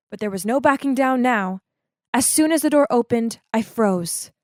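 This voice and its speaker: A woman narrating an animated storytime in a dramatic, emotive way. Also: moderate pace, no echo, studio quality. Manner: emotive and dramatic, swings to high exclaims.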